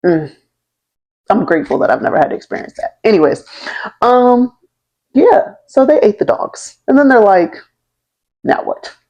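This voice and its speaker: With a fairly high, widely swinging pitch, a young history vlogger speaks at normal speed with long pauses, her voice a little mellow and the audio dull. She tells a history story in a chatty, slangy way, laughing along and checking in with listeners through "right?" and "okay?".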